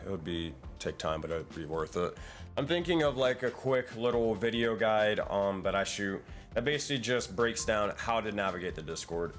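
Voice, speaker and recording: Low-voiced man thinking aloud on a call. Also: expressive, normal speed, a bit bright, soft background music. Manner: rambling and thinking aloud, many fillers. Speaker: community project lead and dungeon master. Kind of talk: casual planning chat in an online meeting. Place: online voice call.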